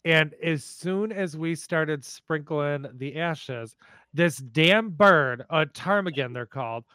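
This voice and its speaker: A man hosting a podcast, telling family stories in a casual, animated, profane way. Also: on the high side, slow, clean tone, dry recording. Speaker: podcast host. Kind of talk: casual storytelling.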